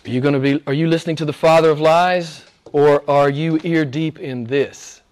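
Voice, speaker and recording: A man acting as pastor preaches a sermon, shifting between hushed, almost whispered lines and loud, emphatic passages. His voice is a little high, his tone steady and his pace moderate.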